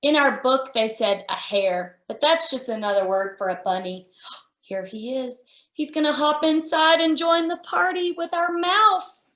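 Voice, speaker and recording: In an echoey room, a young woman reads a picture book aloud to small children in a high, fairly bright voice, taking her time. She sounds full of wonder and gasps often, then shows the kids some toy animals.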